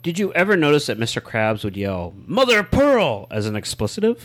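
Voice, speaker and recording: Deadpan man joking in a chat. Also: on the low side, fast talker. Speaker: podcast co-host. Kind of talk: comedic casual chat.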